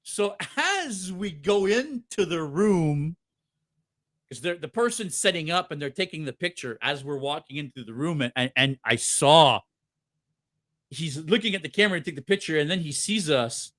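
Animated laughing podcast co-host, man. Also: fairly high pitch, normal speed, no room sound, studio quality. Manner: animated, laughing, many fillers and restarts. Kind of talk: casual storytelling chat.

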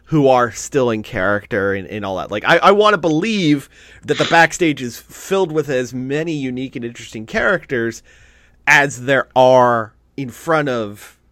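A man co-hosting a podcast in casual chat, talking with excitement and swearing freely. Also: medium pitch, moderate pace, dry recording. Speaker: podcast co-host.

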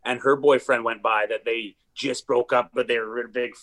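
A man's voice: mid-range voice, normal speed. A man in casual podcast chat, telling long rambling stories with lots of swearing and fillers. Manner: rambling, profane, animated storytelling.

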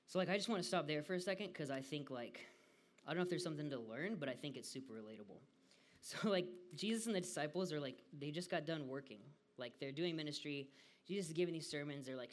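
A young man from the United States gives a relaxed devotional talk. He sounds chatty and laid-back, with lots of fillers and a slightly high voice. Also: quick pace. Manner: casual and chatty, frequent "like" fillers, laughs often.

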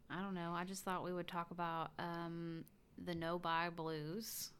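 A woman's voice: fairly low pitch, little pitch movement, slow, a bit bright, a little hiss or hum. A woman co-hosting a casual podcast, chatty and rambling, laughing often. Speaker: podcast co-host. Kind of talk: casual chat.

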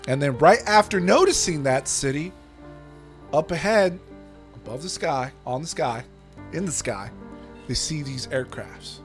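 A man's voice: medium pitch, measured pace, soft background music. A man co-hosting a podcast, retelling a story in casual chat, swearing freely and acting out the quotes. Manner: profane, animated retelling with acted-out quotes. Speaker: podcast co-host.

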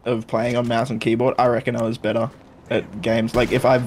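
Easygoing guy on a podcast, mid pitch, says dude a lot, faint hiss. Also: level tone, fairly quick, darkish tone. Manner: easygoing, says 'reckon' and 'dude'. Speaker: podcast guest. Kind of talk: casual chat.

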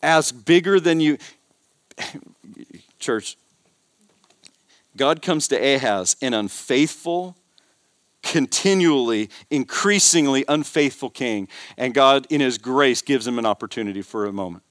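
A man's voice: medium pitch, expressive, unhurried, long pauses, a bit bright, no echo, studio quality. A man preaching a sermon as pastor, emphatic, repeating words and building intensity. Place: church.

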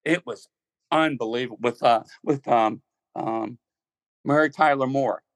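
A man's voice: mid-range voice, a little slow, no room sound, rough recording. An older man from Ohio, a musician guest, telling rambling anecdotes in a casual interview, repeating words as he goes. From Ohio, United States.

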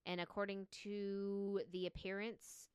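A woman's voice: mid-range voice, flat delivery, unhurried, a little mellow, clear, resonant tone, no room sound, clean studio sound. A woman co-hosting a podcast, telling a spooky story in a chatty way, full of "like" and easy laughter. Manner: chatty, laughs easily, many "like" fillers. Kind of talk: casual storytelling chat.

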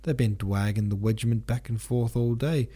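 A man playing a hot-headed young cavalry officer who shouts and swears and turns his r sounds into w. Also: mid-range voice, fairly even intonation, moderate pace, husky, natural voice. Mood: brash. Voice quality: cannot say r, turns it to w.

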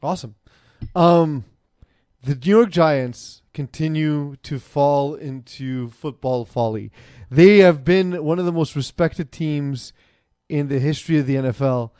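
A man hosting a casual sports podcast, joking in a relaxed, dry way with a cigar-roughened voice. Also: on the high side, unhurried, dry recording. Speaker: podcast host.

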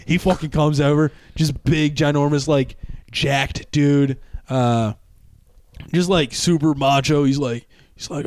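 Animated young man telling a bar story. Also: fairly high pitch, slow pace. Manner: animated, swearing, laughing through story. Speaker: podcast host. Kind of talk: casual storytelling.

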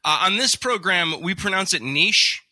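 A man's voice: on the high side, animated, normal speed, pushed and bright. A man hosting a podcast interview, chatty and joking, asking long rambling questions. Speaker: podcast host.

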